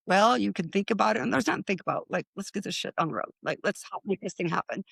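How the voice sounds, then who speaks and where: A middle-aged woman telling her own story in casual talk, lively and quick to act out what others said. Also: gravelly, slightly rough, no room sound. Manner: animated, acts out quoted voices with rising pitch. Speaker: guest.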